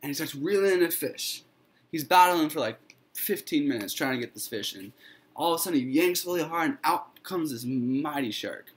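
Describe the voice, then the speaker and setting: A man's voice: a little high, expressive, moderate pace. A man telling a fairy tale he made up, in a loose, informal way with fillers and restarts. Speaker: student storyteller.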